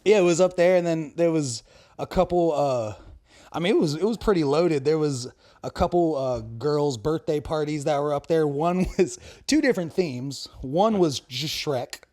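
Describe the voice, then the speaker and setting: A man's voice: a little high, normal speed, a little mellow, no room sound, clean studio sound. A young man telling a rambling story in a casual podcast chat, laughing often. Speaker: podcast co-host.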